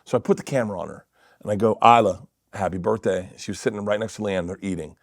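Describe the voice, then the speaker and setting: A middle-aged man telling stories in a casual podcast chat, laughing often and dropping to quiet mutters. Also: fairly low pitch, fast talker, creaky, dry recording, clean studio sound. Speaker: comedian guest. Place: podcast studio.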